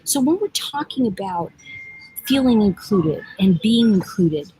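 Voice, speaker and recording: A woman hosts a loose, digressive livestream from an airport lounge, reading and answering viewer comments in a casual, teasing way. Her voice sits at an ordinary middle pitch. Faint noise hums behind her. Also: lively intonation, a little slow, mellow, rough recording. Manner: rambling, chatty, digressive, teasing. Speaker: livestream host and oracle deck author.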